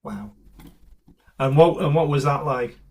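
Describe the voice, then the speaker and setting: A man's voice: on the high side, measured pace, darkish tone. Enthusiastic male podcast host. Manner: enthusiastic, long questions with fillers. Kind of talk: casual interview chat.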